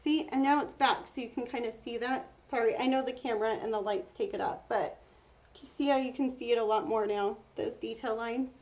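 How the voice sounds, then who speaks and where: A woman's voice: on the high side, fairly even intonation, fairly quick, darkish tone. A woman hosting a casual painting tutorial, chatting to her viewers while she works. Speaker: craft tutorial host. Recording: dull lo-fi sound with faint noise.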